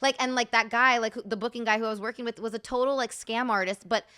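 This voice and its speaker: A woman's voice: a little high, fairly even intonation, fast, sharp tone, clear, resonant tone. Chatty Californian woman host. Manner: chatty, lots of "like", laughs often. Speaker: podcast host. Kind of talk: casual chat.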